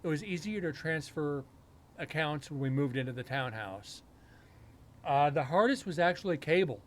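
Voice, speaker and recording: Rambling man telling a story, slightly high voice. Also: expressive, normal speed. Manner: rambling storytelling with frequent self-corrections. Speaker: paranormal show host. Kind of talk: casual live-stream chat.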